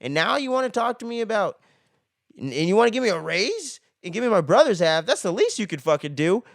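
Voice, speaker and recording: A hot-tempered outlaw rages in a high, strained voice, cursing at every turn, as a reviewer puts him on. The delivery is loud and crude, and the sound stays dry and close. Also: male voice, big pitch swings, brisk, dry recording. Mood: furious. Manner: shouted, cursing outburst.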